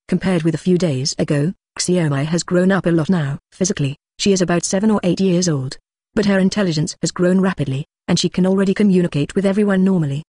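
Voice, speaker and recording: A synthetic audiobook narrator reading a fan novel in a flat machine delivery, speaking punctuation marks aloud as words. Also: medium pitch, brisk, slightly rough, no room sound, clean studio sound. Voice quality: flat text-to-speech delivery, reads symbols as words.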